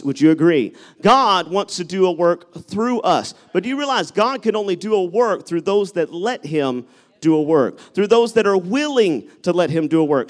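Man, high voice, preacher, lively sermon, storytelling and loud exhortation. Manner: animated, shifts between storytelling and loud exhortation. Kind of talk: sermon with live object lesson.

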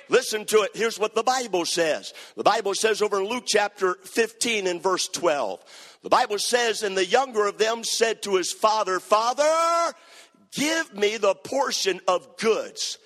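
A man preaching a sermon as pastor, swinging from quiet asides to sung, shouted cadences. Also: high-pitched. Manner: preaching with rising shouts and sing-song cadence. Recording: long hall reverb.

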